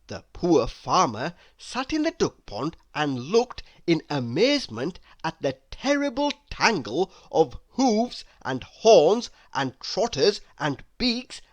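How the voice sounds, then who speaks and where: Slow, sing-song storybook reader, man. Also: sits high. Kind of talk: children's read-aloud.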